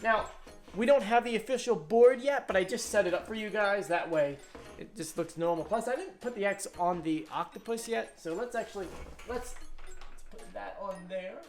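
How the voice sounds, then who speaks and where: A woman vlogger giving an excitable, casual recap commentary, full of quick asides. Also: medium pitch, faint music behind.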